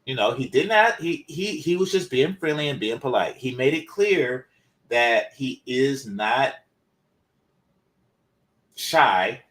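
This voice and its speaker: A man's voice: medium pitch, animated, slow, long pauses, fairly bright tone. A man hosting his channel, talking through a topic in loose, rambling casual commentary with many fillers, his voice a little congested from a developing cold. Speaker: channel host.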